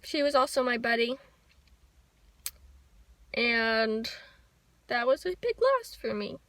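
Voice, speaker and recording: A young woman talking to the camera in a personal vlog, soft, heartfelt and reflective. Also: on the high side, sing-song, slow pace, dry recording. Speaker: vlogger. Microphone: handheld camera.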